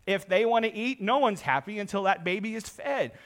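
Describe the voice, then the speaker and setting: A man's voice: sits high, expressive, a little fast. Earnest man preaching a sermon. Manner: earnest preaching, swells louder for emphasis. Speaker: pastor.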